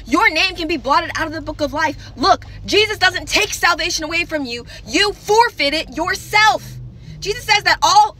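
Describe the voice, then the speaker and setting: A woman's voice: high-pitched, pushed and bright, a little hiss or hum. A young woman preaching online, fervent and emphatic, with casual slang and urgent repeated warnings. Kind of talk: impassioned preaching to camera.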